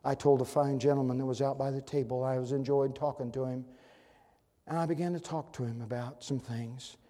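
A man preaching a sermon as a visiting preacher, with a repeating cadence and swings from loud declaring down to hushed near-whispers. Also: mid-range voice, steady tone, brisk, big-room sound.

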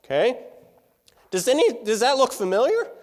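A man with a very high, wildly swooping voice teaches a music class in a space with big-room sound. Speaking at normal speed, he keeps the lecture casual and puts questions to the audience.

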